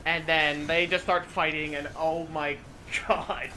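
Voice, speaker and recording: A young man in casual voice chat while gaming, animatedly mocking a movie with swearing and quick retellings. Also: fairly high pitch, flat delivery, bright, forceful tone, slight background noise. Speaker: channel host.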